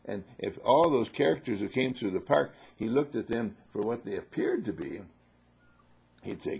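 A man giving a spiritual talk to an audience, playful and repetitive, swinging from loud to hushed. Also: medium pitch, expressive, normal speed, creaky, slightly rough. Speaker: spiritual teacher.

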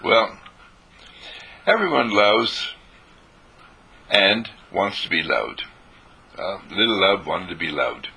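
A man giving an informal spiritual talk, telling stories and repeating phrases for emphasis, clearing his throat now and then. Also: deep voice, very animated, slow pace, pauses often, bright, forceful tone.

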